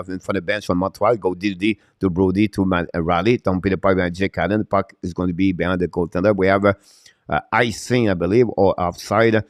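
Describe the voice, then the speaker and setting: Low-voiced man calling hockey play-by-play. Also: no room sound, studio quality. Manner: rapid running commentary with frequent "uh" fillers, in broken non-native English; jumps to high, loud excitement on scoring chances. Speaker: play-by-play host. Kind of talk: live-stream hockey play-by-play commentary.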